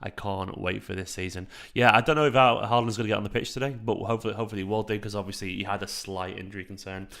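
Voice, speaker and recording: A man in his thirties hosting a late-night live stream from home into a microphone, talking in a hushed, half-whispered way, with a raspy voice. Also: on the low side, flat delivery, rapid-fire, hardly any pauses. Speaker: fan channel host streaming a match watchalong. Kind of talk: casual live chat with viewers.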